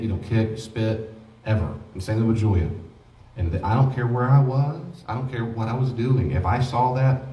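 A man with a somewhat low voice teaches in a rapid, lively way, acting out exchanges with children. He sounds distant from the mic, and the room gives his voice a strong echo. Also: a little hiss or hum. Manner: animated, acts out dialogues with children. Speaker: pastor teaching a grief study. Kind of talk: informal teaching talk.

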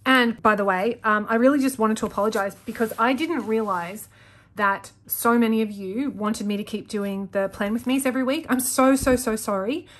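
A woman's voice: fairly high pitch, moderate pace, a bit bright. A young woman chatting casually to viewers while setting up her planner, rambling and correcting herself as she goes. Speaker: planner vlogger.

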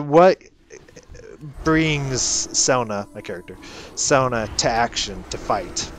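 A man's voice: medium pitch, fairly bright tone, a little hiss or hum. A man casually recounting his role-playing game character in a rambling monologue, laughing often and swearing freely.

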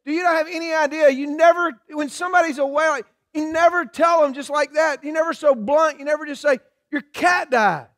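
Man doing a scolding wife, squeaky and fast, outraged, dry close sound. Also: little pitch movement, fairly bright tone, no echo. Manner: indignant, rapid, high-pitched.

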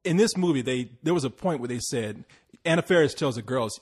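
A man's voice: medium pitch, expressive, quick pace, breathy edge. An American man co-hosting a casual movie review podcast, talkative and emphatic. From United States. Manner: talkative, emphatic, laughs often. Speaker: podcast co-host.

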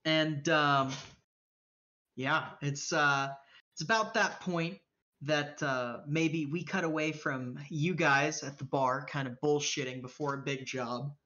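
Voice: medium pitch, takes it slowly, sharp tone. A game master narrating a tabletop game in a loose, profane way with lots of filler, on dull lo-fi stream audio.

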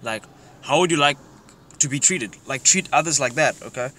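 A man's voice: medium pitch, normal speed, pushed and bright. A young man giving loose, profane social advice in casual chat while driving, laughing often. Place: in a car, driving outdoors. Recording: noisy car interior. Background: car and street noise.

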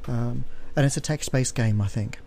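A man's voice: medium pitch, normal speed, vocal fry, dark tone, slight background noise. Chatty man reading a game aloud. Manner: chatty, unsure, thinking aloud. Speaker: let's play host. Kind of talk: casual game commentary and read-aloud.

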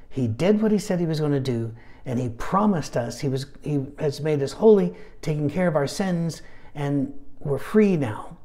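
Mellow-voiced man teaching a Bible study. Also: on the high side. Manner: chatty and anecdotal, with humorous asides.

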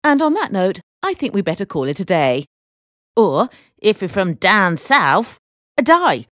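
A woman reads short practice phrases with deliberate, careful delivery. Her pitch moves up and down freely. The sound is dry and close. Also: very animated, no echo. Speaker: example sentence reader. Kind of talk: recorded language drill.

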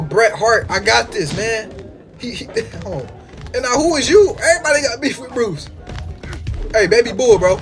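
A man giving casual, excitable game commentary, full of slang and trash talk aimed at the characters on screen. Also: high-pitched. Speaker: gaming YouTuber.

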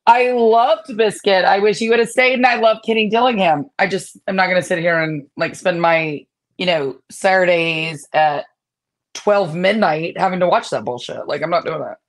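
A woman's voice: lowish voice, moderate pace. Blunt, sassy woman podcast co-host. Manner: blunt, sassy, swears freely. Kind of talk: casual sports talk.

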